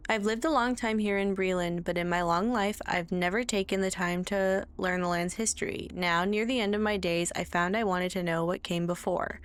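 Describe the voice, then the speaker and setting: A woman reading aloud the lines of an elderly man who wants to learn his land's history, in a gentle, plain reading voice. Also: fairly low pitch, fairly even intonation, moderate pace, few pauses, clean tone, natural voice. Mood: wistful. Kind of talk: reading game dialogue aloud.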